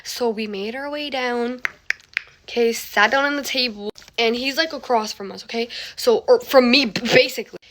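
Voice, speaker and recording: A young woman telling a casual story, animated and dramatic, full of fillers, dropping into whispers and jumping to shrieks. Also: fairly high pitch, moderate pace.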